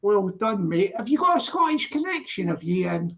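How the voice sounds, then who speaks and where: A man with a London accent hosting a casual live-stream chat, laughing often and chatting warmly with callers. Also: sits high, big pitch swings, normal speed, creaky, dull audio.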